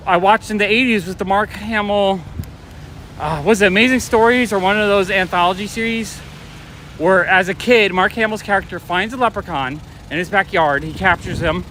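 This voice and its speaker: Walking a city street with a phone or camera in hand, a middle-aged male vlogger livestreams casual chat, rambling through stories and talking with viewers. His high voice is bright, forceful, and loose, with faint traffic and street ambience behind him.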